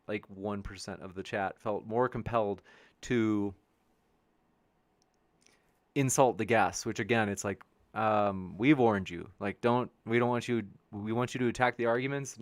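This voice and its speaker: Speaking at medium pitch with no echo, a man hosts a debate show live stream from a home studio with a sheet hung as a backdrop. He reads out viewer comments in a rambling, upbeat manner, restarting his sentences often.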